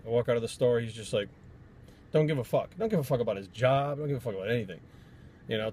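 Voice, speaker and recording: Fast-talking, profane ranting man. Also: medium pitch, a little mellow, a little hiss or hum. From Rhode Island. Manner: profane, blunt, rambling storytelling. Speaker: fitness trainer. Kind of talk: casual vlog rant.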